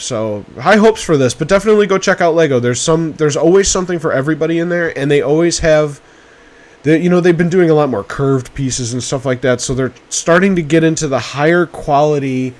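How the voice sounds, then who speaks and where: A man with a somewhat raised pitch runs a relaxed talk among friends. He gets excited easily, swears casually, and often breaks off mid-sentence to start again. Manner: excitable, swears freely, trails off and restarts. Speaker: podcast host. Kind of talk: casual chat.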